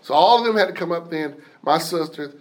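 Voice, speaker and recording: A man telling a personal story in an animated way, acting out the voices of the people in it. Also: a little high, brisk. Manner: animated, acts out quoted voices.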